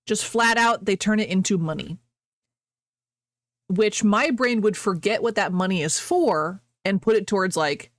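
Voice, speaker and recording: A woman's voice: lowish voice, no echo, clean studio sound. A woman streamer chatting casually with her viewers, rambling, laughing often and breaking off mid-sentence.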